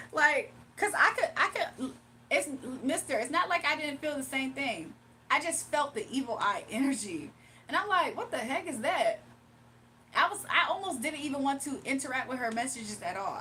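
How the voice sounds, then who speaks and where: High-voiced woman chatting on a livestream. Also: slight background noise. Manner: animated, laughs often, talks back to chat. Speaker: livestream host and tarot reader. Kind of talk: casual livestream chat.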